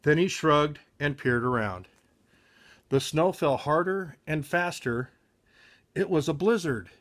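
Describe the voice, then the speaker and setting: A man reading a children's picture book aloud at a slow, careful pace. His pitch rises and falls a lot, and he often stumbles and corrects himself. His voice sits a little high for a man. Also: expressive, a bit bright. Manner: careful, with frequent slips and self-corrections.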